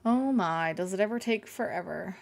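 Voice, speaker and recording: Chatting casually with her livestream audience, a gamer host with a gravelly, mid-range voice speaks at normal speed. She's playful and sarcastic, makes innuendo jokes, and has burnt her mouth.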